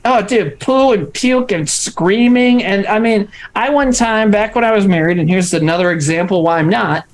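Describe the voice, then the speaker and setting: A man co-hosting a casual livestream chat over a video call, animated and joking, swearing freely. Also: sits high, normal speed, few pauses. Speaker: podcast co-host.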